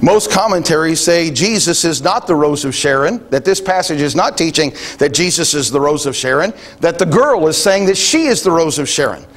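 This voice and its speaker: A man's voice: fairly high pitch, expressive, moderate pace, hardly any pauses. A man preaching a sermon in a conversational way, thinking aloud with frequent restarts and quoting scripture. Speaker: pastor.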